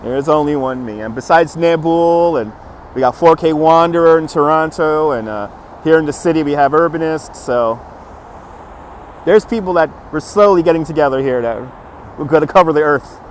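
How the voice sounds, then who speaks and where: A man's voice: fairly high pitch, normal speed. A man hosting a live walking stream outdoors on a city street, upbeat and chuckling as he greets viewers by name, recorded on a phone on a gimbal. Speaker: livestream host. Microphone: phone on a handheld gimbal. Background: faint city traffic.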